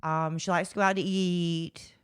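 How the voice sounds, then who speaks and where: A woman's voice: lowish voice, level tone, normal speed, clean tone. A middle-aged woman, co-hosting a podcast, chatting in a rambling, defensive way. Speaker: podcast co-host. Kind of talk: casual chat.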